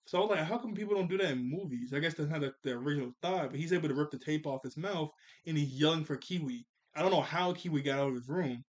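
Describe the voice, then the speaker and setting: A man with a slightly higher-than-average voice recaps a cartoon episode in a loose, chatty way. He laughs often as he walks through the scenes. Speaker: cartoon reviewer.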